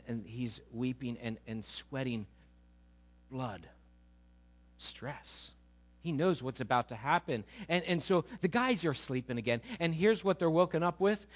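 A male pastor preaching a sermon, retelling stories with lively, animated delivery and repeated words. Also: medium pitch.

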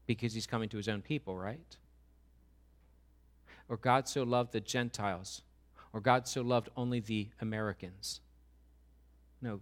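A man, a pastor, preaching an animated sermon, often acting out quoted voices and building to loud, rising questions. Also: medium pitch, measured pace, pauses often.

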